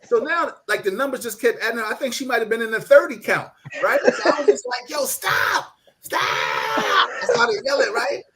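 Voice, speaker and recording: A man's voice: very high-pitched, moderate pace, hardly any pauses, crowd noise. A middle-aged man telling a childhood story in casual chat, laughing often and acting out the voices of the people in it. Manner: animated, laughing, acts out voices in his story.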